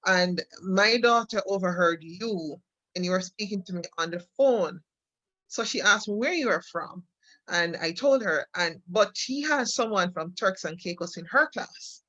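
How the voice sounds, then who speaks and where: Jamaican lady chatting, bright voice, dry dull sound. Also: on the low side, no echo. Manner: explains with examples, repeats words. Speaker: co-host. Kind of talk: casual chat.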